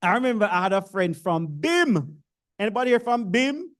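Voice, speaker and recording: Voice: medium pitch, sing-song, normal speed, a bit bright. A speaker with a Jamaican accent gives a casual orientation address to new university students, joking and teasing the audience. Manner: joking, self-deprecating, chatty with the audience.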